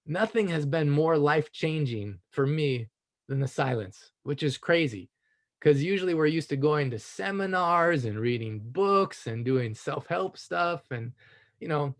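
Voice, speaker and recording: A man with a somewhat high-pitched voice tells a personal story in an open, casual way. He is animated and enthusiastic, laughs often, and keeps checking in with his listener through "you know.". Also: a little slow. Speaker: speaker sharing a personal story.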